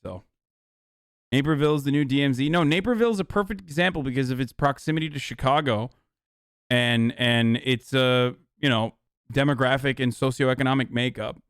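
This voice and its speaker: A man's voice: mid-range voice, moderate pace, clean tone, no room sound, clean studio sound. A man streaming political commentary in a heated, exasperated, profane rant, restarting sentences as he goes.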